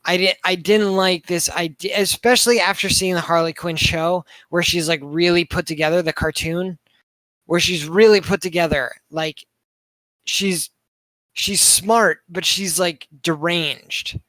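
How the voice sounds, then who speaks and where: A man with a rather high voice talks through a film review in loose, rambling chat. He leans on "like" constantly and swears freely. The sound is dry and close, with no room around it. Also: fairly even intonation, measured pace, bright, forceful tone, dry recording. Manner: rambling, heavy on filler words, swears a lot. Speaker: podcast co-host reviewing a movie. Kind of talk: casual chat.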